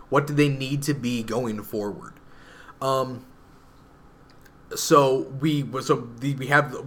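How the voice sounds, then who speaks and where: A man co-hosting a podcast, talking through films in a thoughtful, analytical way with many fillers. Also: mid-range voice. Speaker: podcast co-host. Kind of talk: casual chat.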